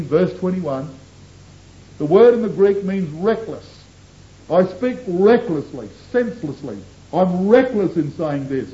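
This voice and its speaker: A man preaching a sermon to a congregation, impassioned, swinging between soaring lines and hushed asides. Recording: dull lo-fi tape with faint rumble.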